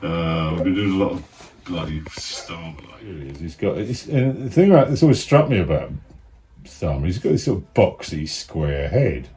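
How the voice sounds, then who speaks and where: Low-voiced rambling man. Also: very animated, normal speed, warm tone, breathy edge. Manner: rambling, mumbling asides, swears, chuckles. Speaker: cartoonist. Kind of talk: casual talk about his sketches. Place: his studio.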